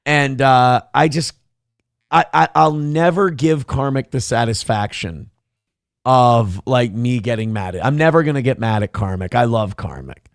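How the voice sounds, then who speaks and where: Gravelly-voiced man hosting a livestream. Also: medium pitch, unhurried, no room sound, clean studio sound. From Minnesota. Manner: mocking, over-the-top corny impressions of critics. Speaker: livestream host. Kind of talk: casual livestream rant.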